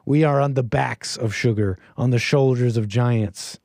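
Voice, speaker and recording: A man's voice: medium pitch, measured pace, creaky, no echo, clean studio sound. A man hosting a live stream, reacting to a video clip with incredulous jokes for his chat. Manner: animated, incredulous, joking with chat.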